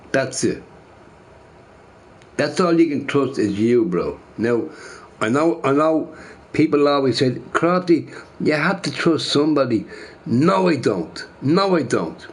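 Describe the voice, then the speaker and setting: A man ranting casually to his chat, repeating himself emphatically. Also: mid-range voice. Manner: emphatic, repeats phrases, says bro a lot.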